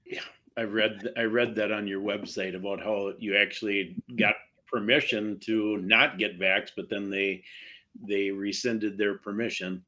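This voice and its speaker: A man's voice: lowish voice, steady tone, a little slow, sharp tone. A man hosting a talk show, speaking earnestly and encouragingly to his guest. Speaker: host.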